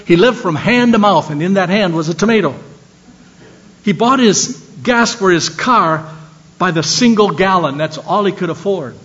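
An older man preaching a sermon, telling stories and swinging between animated lines and soft, low ones. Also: normal speed. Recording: dull lo-fi sound.

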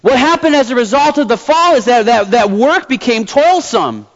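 A man's voice: extremely high pitch, big pitch swings, normal speed. A man preaching a sermon in a conversational, storytelling manner, with fillers. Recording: dull lo-fi sound.

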